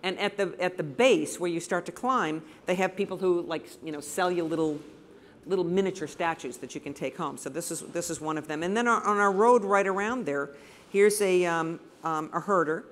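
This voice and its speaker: A woman's voice: lowish voice, normal speed. Enthusiastic American woman telling stories. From United States. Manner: enthusiastic, anecdotal storytelling. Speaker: photographer presenting to an audience. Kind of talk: presentation talk with slides. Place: room with a live audience.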